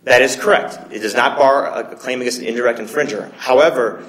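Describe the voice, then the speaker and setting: A man, an attorney, arguing an appeal before judges in measured, hedged legal phrasing with frequent restarts. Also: mid-range voice, a bit bright. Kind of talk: courtroom oral argument. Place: courtroom. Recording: roomy courtroom echo.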